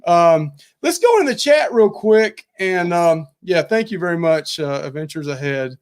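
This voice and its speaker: A man's voice: on the high side, lively intonation, a little slow. A middle-aged man co-hosting a live cooking and travel stream, chatting casually and rambling as he thanks viewers over and over.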